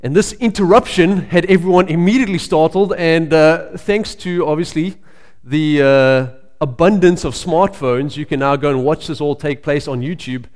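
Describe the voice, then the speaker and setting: A male pastor preaching a sermon in a conversational storytelling way, pausing with frequent fillers. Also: on the high side, darkish tone. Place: church sanctuary. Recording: long reverb of a church hall.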